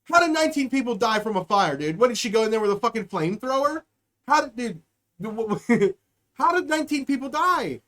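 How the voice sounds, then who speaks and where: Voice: mid-range voice, sing-song, fairly quick. Profane, sarcastic live-stream podcast host. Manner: profane, sarcastic, swings between loud outbursts and mutters. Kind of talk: ranting satirical commentary on a live stream.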